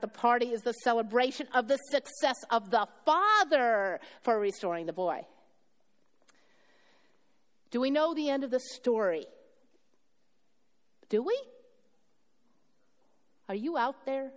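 A woman's voice: on the high side, lively intonation, normal speed, pauses often. A woman pastor delivering a sermon, retelling a story with acted dialogue and questions to her congregation. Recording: long hall reverb.

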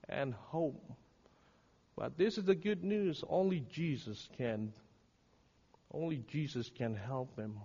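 A man preaching a sermon, dramatic and swinging from hushed words to shouting. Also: on the high side. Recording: reverberant hall, dull lo-fi sound.

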